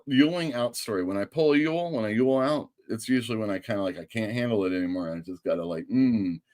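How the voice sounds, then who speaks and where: A man's voice: medium pitch, fairly bright tone. A man hosting a casual live stream, telling a story and acting out the people in it. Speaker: host.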